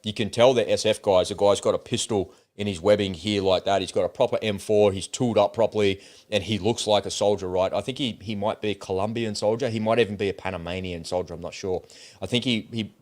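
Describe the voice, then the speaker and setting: A man's voice: fairly low pitch, fairly even intonation, quick pace, darkish tone. A man hosting a casual talk show, retelling a video he watched in a conversational, storytelling way. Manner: storytelling, relaying a video at length. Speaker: host.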